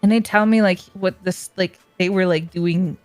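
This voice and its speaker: A woman's voice: lowish voice, fairly even intonation, moderate pace, darkish tone, no room sound, soft background music. A young woman streamer chatting casually, telling stories with many fillers and frequent giggles. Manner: giggly, storytelling with lots of "like". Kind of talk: casual chat.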